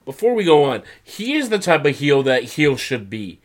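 A man co-hosting a casual podcast, retelling events with lively mock voices for quoted lines. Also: a little high, moderate pace. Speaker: podcast co-host recapping wrestling. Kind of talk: casual chat.

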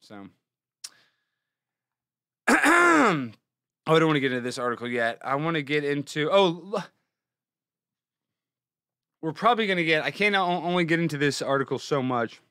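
A young man from Texas hosting a comedic news show, reading headlines and mocking them with sarcastic, excitable riffs. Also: on the high side, normal speed, pauses often, smooth, no echo, clean studio sound. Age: young adult. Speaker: podcast host.

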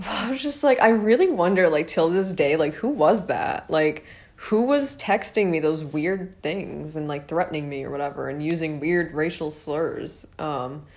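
A young woman telling a personal high school story in a rambling, casual way, full of fillers and little laughs. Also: normal speed, darkish tone. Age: young adult.

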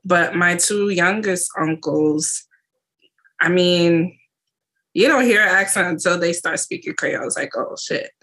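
A woman co-hosting a casual podcast chat, speaking in a relaxed, reflective way. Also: lowish voice, measured pace. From Haitian family in the United States. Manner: relaxed, reflective, frequent backchannel murmurs. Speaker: podcast co-host.

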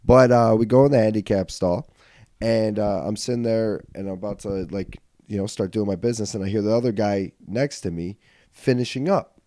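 A man hosting a podcast, telling a comedic story in casual chat. He swears freely, laughs as he goes, and swings from low mutters to loud outbursts on a studio mic. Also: fairly quick, dry recording. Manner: animated, swings from mutters to yelling. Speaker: podcast host.

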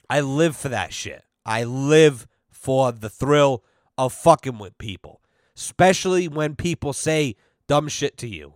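A man's voice: a little high, no echo, studio quality. Brash, foul-mouthed male podcast host. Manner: brash, animated, heavy swearing, acts out quoted exchanges. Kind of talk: profane storytelling chat.

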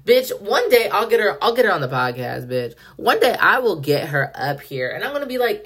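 A woman's voice: medium pitch, very animated, moderate pace, few pauses, a bit bright. A young woman hosting a solo podcast, ranting in a heated, profane way and saying "like" constantly. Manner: heated, profane, heavy use of "like". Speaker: podcast host.

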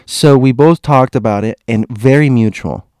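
A man's voice: medium pitch, normal speed, darkish tone, no echo, clean studio sound. A young man casually telling a personal story, rambling with restarts and asides.

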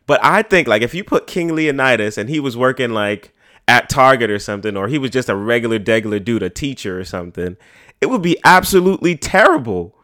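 A man's voice: mid-range voice, expressive, a little fast, pushed and bright. A man hosts a podcast in loose, casual chat. He rambles through his points with plenty of slang and swearing, and his voice sits in a mid register. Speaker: podcast host.

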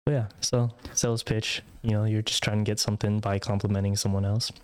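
Podcast co-host, male, lowish voice, laid-back explainer, leans on filler phrases. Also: fairly quick, no echo. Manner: relaxed, explains with many fillers and repeats "pretty much". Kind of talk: casual chat.

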